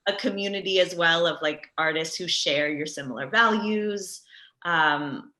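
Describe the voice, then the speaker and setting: A woman's voice: on the low side, unhurried, pushed and bright. A woman actress on a video call, speaking gratefully and with enthusiasm. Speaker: actress, guest. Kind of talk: casual interview over video call. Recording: roomy video call audio.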